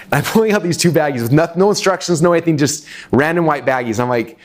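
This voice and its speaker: A middle-aged man telling a long personal story to a live audience, animated, with many fillers and acted-out quotes. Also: a little high, quick pace. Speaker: webinar speaker. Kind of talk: energetic storytelling talk.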